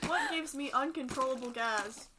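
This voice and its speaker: Woman, high voice, lively pitch, dry delivery, noisy background. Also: normal speed. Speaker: regular player on a friends' board game show. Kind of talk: casual chat over a party card game.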